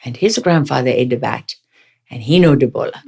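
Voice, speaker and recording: A woman putting on a doubtful Liberian grave digger with a pidgin English accent, questioning slowly in broken English. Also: medium pitch, creaky, a little mellow, breathy edge, pitched below the performer's own voice.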